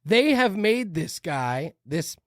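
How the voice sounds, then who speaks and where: A woman hosts a podcast and reacts to a clip in a heated, cursing rant. Her pitch swings widely as she talks. The sound is dry and close, with no room echo. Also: sing-song, slow. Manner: heated, ranting, profane. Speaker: podcast host. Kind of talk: reacting to a video, podcast chat.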